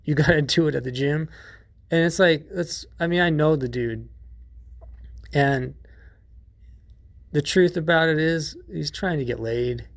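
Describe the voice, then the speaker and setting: A man's voice: a little high, unhurried, vocal fry, long pauses, dry recording. A man hosting a podcast in a casual monologue, rambling and profane, with many restarts. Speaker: podcast host.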